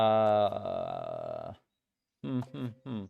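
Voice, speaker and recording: A man streaming a building game, musing aloud in relaxed commentary and filling pauses with hums and playful nonsense sounds. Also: medium pitch, clean tone, phone-quality sound. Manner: slow, musing talk to himself, hums and playful filler sounds.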